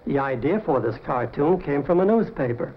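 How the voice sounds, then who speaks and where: A man's voice: fairly high pitch, animated, normal speed, slight background noise. Man hosting on dull lo-fi TV audio. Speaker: show host. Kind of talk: scripted presentation.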